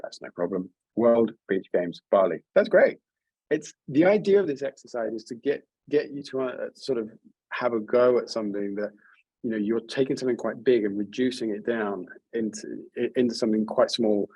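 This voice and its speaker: Husky-voiced man leading an online workshop. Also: mid-range voice, fairly quick, darkish tone, no echo, rough recording. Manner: friendly, encouraging, hesitant restarts. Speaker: workshop leader.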